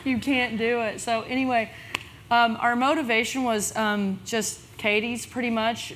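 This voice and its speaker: A woman speaking on a conference panel about her business, telling the story in a lively, chatty way. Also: measured pace, slight background noise. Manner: lively storyteller, quotes others with big pitch jumps.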